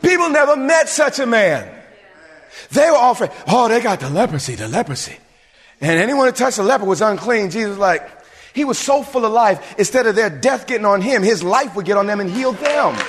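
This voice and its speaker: A male pastor preaching a sermon in an animated way, repeating fillers as he speaks. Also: high voice, a little fast. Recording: reverberant hall.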